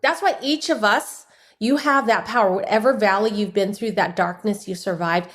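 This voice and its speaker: A woman's voice: mid-range voice, normal speed. A woman guest author telling an emotional personal story of faith in a casual interview. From United States. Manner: animated, personal testimony with faith talk.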